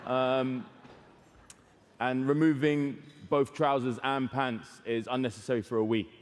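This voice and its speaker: A man's medium-pitched, steady voice, a little slow, carries through a large hall as he hosts an awards ceremony on stage for a live audience. He rambles, cracks jokes and laughs at them himself, with long reverb and crowd noise in the recording.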